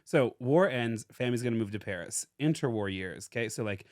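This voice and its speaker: A man's voice: medium pitch, lively intonation, a little fast, darkish tone, no echo, clean studio sound. A young American man casually telling a true-crime story as a podcast co-host, full of "like" fillers. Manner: chatty, lots of "like" fillers and laughter.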